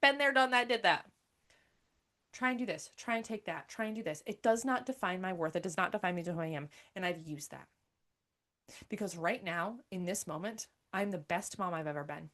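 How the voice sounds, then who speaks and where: A woman's voice: on the low side, a little fast. Emphatic, swearing woman podcast host. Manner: emphatic, swears freely, repeats phrases. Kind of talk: candid monologue.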